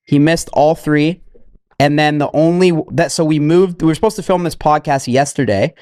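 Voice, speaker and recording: A young man talking casually on a podcast in a halting, repetitive way, restarting his sentences often. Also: fairly high pitch, a little mellow, smooth, dry recording, clean studio sound. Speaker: podcast guest.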